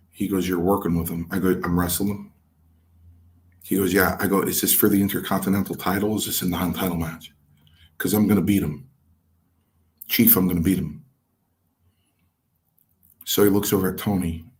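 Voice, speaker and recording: A man's voice: deep voice, moderate pace, long pauses, slight background noise. A middle-aged man, a former wrestler, telling stories from his career and acting out what others said. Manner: acts out quotes of others, lively. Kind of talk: anecdotal storytelling.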